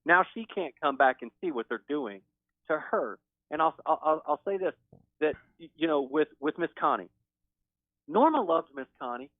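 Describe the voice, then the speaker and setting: A man speaking as a guest on a call-in show, talking in an excited, emphatic way. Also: a little high, normal speed, no room sound. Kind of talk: call-in interview. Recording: tinny phone line.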